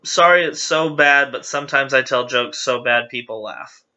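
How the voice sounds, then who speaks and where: A man's voice: medium pitch, moderate pace, sharp tone. A man hosting his channel, casually reading viewer jokes aloud with chatty, giggly, self-deprecating asides.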